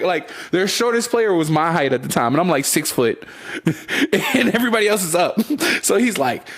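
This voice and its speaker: A man's voice: high-pitched, sing-song, unhurried, husky. A young man co-hosting a podcast, telling stories in a loose casual chat, laughing often and swearing freely. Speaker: podcast co-host.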